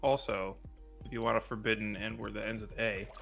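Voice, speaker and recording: Teasing, gravelly voice on a stream chat. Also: medium pitch, fairly even intonation, a little fast, a bit bright, faint music behind. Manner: teasing, quizzical, sarcastic. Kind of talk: casual chat with friends.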